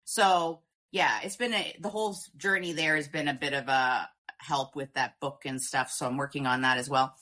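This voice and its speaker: Canadian woman, podcast guest, rambling chatty storyteller with a bright, forceful voice. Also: very deep voice, fairly even intonation, moderate pace. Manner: rambling, with many fillers and laughs. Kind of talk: casual storytelling.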